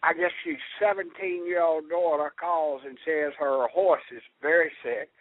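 An older man with a Southern American accent, calling in to a radio show and chatting in a folksy, halting way. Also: on the high side, expressive, no room sound. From Southern United States. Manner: folksy, halting, with many restarts. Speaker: caller. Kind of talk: casual call-in chat. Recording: tinny phone line.

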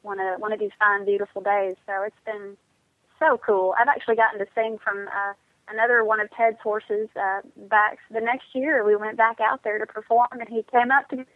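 A woman's voice: mid-range voice, level tone, moderate pace, no echo. Bubbly woman on a muffled phone line. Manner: bubbly, effusive, gushing. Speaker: guest country singer. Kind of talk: casual radio interview.

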